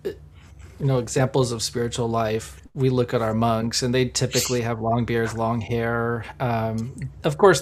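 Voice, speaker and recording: An Orthodox Christian man with a medium-pitched voice takes part in a casual livestream panel discussion, with slight background noise. He speaks earnestly and encouragingly, using lots of fillers.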